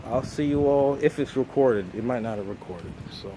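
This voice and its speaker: A man's voice: mid-range voice, moderate pace, noisy background. An American man, raised speaking Jamaican patois, in a rambling, profane vlog monologue full of fillers. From United States.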